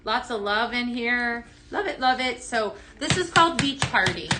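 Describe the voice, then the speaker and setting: Over music, a woman with an expressive, higher-pitched voice runs a casual live-stream demo selling home fragrance, speaking at normal speed. She talks with viewers and reads out their comments, brimming with enthusiasm while using lots of "um"s, fillers, and restarts.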